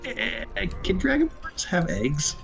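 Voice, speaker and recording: A man's voice: high-pitched, big pitch swings, slow pace, vocal fry, a bit bright. A man playing in a tabletop game, with playful asides and in-character lines. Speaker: player. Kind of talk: in-character tabletop role-play.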